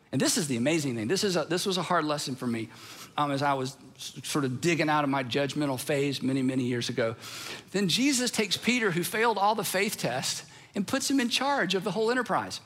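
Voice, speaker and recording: A middle-aged man preaching a sermon, telling the story with animated energy and acting out the quotes. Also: sits high. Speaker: pastor.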